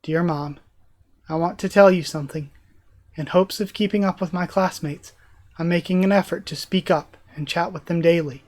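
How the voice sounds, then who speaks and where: A man reading aloud an earnest teenage boy hero's letter to his mother, in a sincere and measured way. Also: a little high, fairly even intonation, darkish tone, lightly acted.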